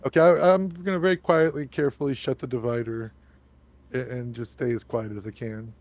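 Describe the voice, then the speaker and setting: A man's voice: mid-range voice, steady tone, brisk, a little mellow. Brash swearing male player on a dull mic. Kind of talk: casual tabletop game chat.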